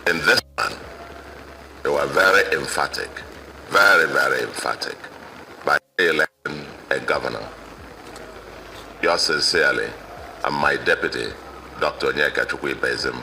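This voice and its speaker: A man with a Nigerian English accent giving an emphatic victory speech as governor, listing vote figures deliberately. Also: rumbling low, creaky, pushed and bright, a little hiss or hum, rough recording.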